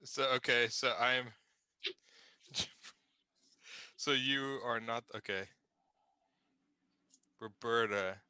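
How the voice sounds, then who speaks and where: A man hosting a casual group chat, animated and laughing often as he hands out voices. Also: medium pitch, drawn-out words, pauses often, smooth, dry recording.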